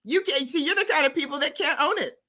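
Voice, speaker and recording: A woman's voice: high voice, fast, pushed and bright. Profane, combative American woman livestreamer. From United States. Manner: profane, confrontational, repeats herself. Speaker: livestream host. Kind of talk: heated livestream argument.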